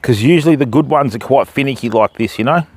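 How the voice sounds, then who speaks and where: A man's voice: fast talker, dry recording. An Australian man chatting on a live fishing stream, talking to his viewers and to dogs outdoors by the water. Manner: chatty, calls dogs in a high sing-song voice.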